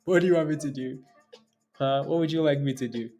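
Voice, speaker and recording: His voice a little high and darkish, the host talks fairly quickly over faint background music. It's a casual day-trading stream where he jokes, laughs often and banters with viewers and his phone assistant.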